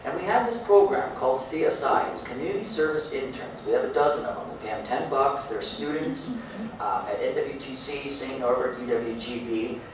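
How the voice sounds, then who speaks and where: Halting man speaking in a big echoey hall. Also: medium pitch, lively intonation. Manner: halting, repeats words. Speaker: mayor in a debate. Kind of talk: debate answer. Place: large echoey hall, heard from far off. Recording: echoey hall, distant mic, faint hiss.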